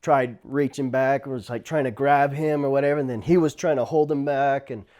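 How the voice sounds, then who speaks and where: A man from the Navajo Nation, a former tribal police officer, telling stories casually. He laughs often and shouts out the quoted lines. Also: medium pitch, steady tone, moderate pace. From Navajo Nation, US Southwest. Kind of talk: casual storytelling.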